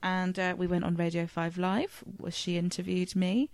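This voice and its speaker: A woman co-hosting a casual podcast, chatty and quick to laugh, trailing off with fillers. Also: on the low side, flat delivery, darkish tone, no room sound. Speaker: podcast co-host.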